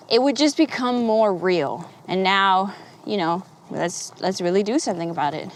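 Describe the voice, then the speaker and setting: A woman's voice: on the high side, a little hiss or hum. Candid rambling woman vlogger. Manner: rambling, candid, swears freely, laughs often. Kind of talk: candid casual talk to camera.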